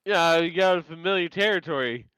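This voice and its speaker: Male co-host, smooth and clear, stammering dry humor, tight dry mic. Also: fairly high pitch, a little fast, fairly bright tone, dry recording, low-quality recording. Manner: stammers and repeats words, dry joking. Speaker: podcast co-host. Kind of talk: casual chat recapping a TV episode.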